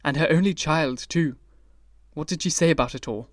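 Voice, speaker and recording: A man's voice: a little high, moderate pace, no room sound, studio quality, natural voice. A man reading the part of an earnest older painter in an audiobook, grave and pleading. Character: grave, anguished male painter friend.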